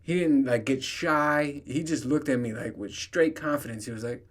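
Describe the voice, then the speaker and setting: A man's voice: mid-range voice, normal speed. Profane man telling stories, laughing. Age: 30s. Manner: profane, storytelling, laughs often. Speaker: podcast host. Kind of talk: casual solo monologue.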